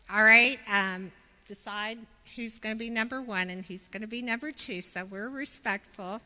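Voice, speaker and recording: A woman giving a Sunday sermon, speaking slowly and gently, then growing loud and exuberant as she leads the congregation. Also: fairly high pitch. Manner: slow, gentle preaching that turns loud and exuberant when leading the congregation. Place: church sanctuary. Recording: reverberant church hall.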